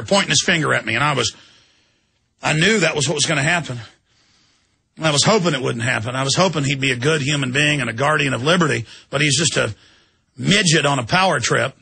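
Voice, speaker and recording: Gravelly, indignant man ranting on radio. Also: on the high side, animated, a little fast, bright, forceful tone. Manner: indignant, acts out quotes in shifting voices. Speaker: radio host.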